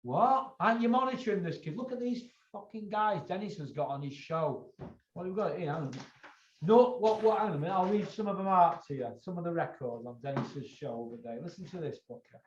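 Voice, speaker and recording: A man's voice: high-pitched, animated, a little fast, slight background noise. A man hosting a boxing chat show, blunt and lecturing, swearing freely. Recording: echoey, dull lo-fi room sound.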